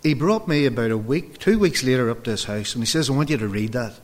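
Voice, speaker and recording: Man, fifties, pastor telling anecdotes in a sermon, middle-pitched, talks straight to the folks. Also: expressive, fast talker. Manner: storytelling, acts out dialogue, addresses the folks directly. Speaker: preacher. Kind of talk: sermon with personal stories.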